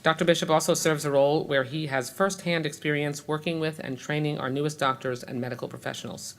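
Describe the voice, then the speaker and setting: A man moderating a hearing, reading out witness introductions in a measured way, with hesitant fillers when he strays from the script. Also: a little high, fairly even intonation, a bit bright. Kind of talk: formal reading of speaker introductions.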